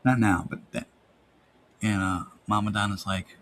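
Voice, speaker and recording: A man's voice: lowish voice, steady tone, moderate pace, long pauses, fairly bright tone. A man chatting on a live art stream, rambling and joking playfully. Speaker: livestreaming artist. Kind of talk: casual stream chat.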